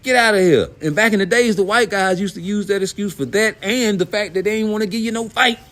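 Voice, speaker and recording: A man's voice: sits high, fast. A middle-aged man, hosting a blunt, profane, heated rant about boxing. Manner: blunt, profane, animated, rhetorical questions. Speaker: boxing commentary host.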